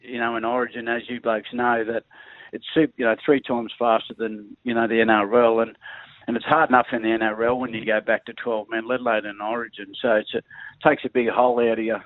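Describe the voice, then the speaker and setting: A middle-aged Australian man comes through a narrow, tinny phone line, with a dry sound and nothing of a room around him. He is a former footballer who rambles through his stories and keeps breaking off to laugh. His voice sits at an everyday pitch, and he restarts his sentences often. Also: level tone, brisk, dry recording. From Queensland, Australia. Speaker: former rugby league player as guest. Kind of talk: rambling anecdotal chat.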